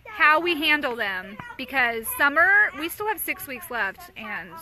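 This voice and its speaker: A woman's voice: sits high, big pitch swings, measured pace, sharp tone. A woman in her thirties, a mother hosting a casual live chat, talking candidly to viewers and answering their comments.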